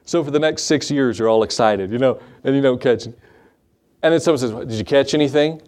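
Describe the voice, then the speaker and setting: A man preaching a sermon in a conversational way, asking his listeners questions and acting out Bible scenes in quick voices. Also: mid-range voice, a little mellow. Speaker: pastor.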